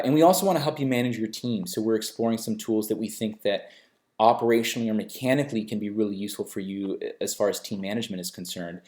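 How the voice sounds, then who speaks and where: A man walking through a software dashboard in a casual tutorial, talking loosely with many fillers and restarts. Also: on the low side. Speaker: software company representative giving a tutorial. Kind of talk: screen-share tutorial walkthrough.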